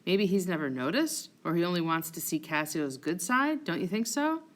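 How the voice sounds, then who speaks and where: An earnest, concerned officer, read by a woman. The voice sits lower and speaks in a measured, serious way. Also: expressive, close to an everyday voice.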